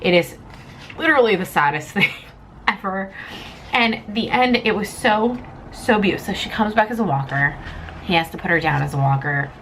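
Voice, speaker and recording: A woman's voice: mid-range voice, animated, normal speed, fairly bright tone, slight background noise, low-quality recording. A young woman reviewing a comic in a casual vlog, rambling and emotional, close to tears. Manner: emotional, rambling, tearful at times.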